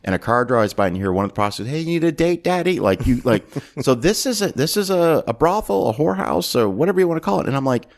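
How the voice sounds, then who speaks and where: A man's voice: medium pitch, fast, creaky, hardly any pauses. A man in his thirties hosting a casual movie podcast, retelling scenes with acted-out voices. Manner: animated retelling, acts out lines in voices. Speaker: podcast host. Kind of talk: casual movie recap chat.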